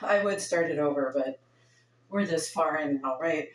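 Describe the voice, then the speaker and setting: A woman's voice: low-pitched, moderate pace, a little hiss or hum. A woman leading a home workout, counting reps aloud in a chatty, offhand way and sounding winded. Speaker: fitness instructor. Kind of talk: casual workout instruction. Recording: echoey room from far off.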